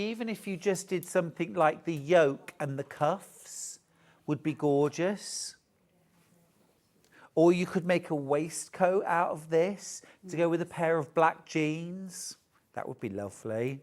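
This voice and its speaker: A man's voice: a little high, measured pace, darkish tone. A man presenting a live shopping show, chatting and joking as he gushes over fabrics. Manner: chatty, gushing, jokey. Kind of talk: live sales chat.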